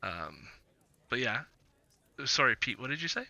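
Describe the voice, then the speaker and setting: A man narrating as game master of a tabletop game, halting with many fillers and often trailing off quietly. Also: mid-range voice, big pitch swings, dry recording.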